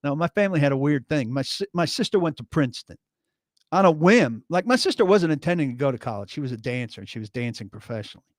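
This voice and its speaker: A man's voice: on the high side, animated, quick pace, no room sound, clean studio sound. A man in his fifties co-hosting a sports talk radio show, wry and rambling, often correcting himself as he tells stories. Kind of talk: casual sports radio banter. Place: radio studio. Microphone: studio microphone.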